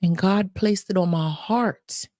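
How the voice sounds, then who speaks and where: A woman's voice: fairly low pitch, slow pace, darkish tone, dry recording, clean studio sound. A Jamaican woman, a mother, hosting a live stream and speaking earnestly and emotionally, often repeating herself and addressing her viewers directly. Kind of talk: heartfelt live-stream talk.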